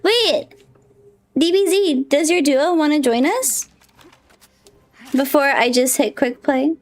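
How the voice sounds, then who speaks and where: A woman's voice: high voice, slow, soft background music. A woman streamer chatting casually to her viewers, giggly and flustered, squealing often and talking to herself as she fixes her setup. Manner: talks to herself while fixing her setup. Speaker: VTuber streamer. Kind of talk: casual live-stream chat.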